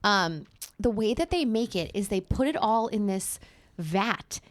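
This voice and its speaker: A woman co-hosting a podcast, playful and quick with quips, laughing often between remarks. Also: medium pitch, animated. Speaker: podcast co-host. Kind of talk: casual chat.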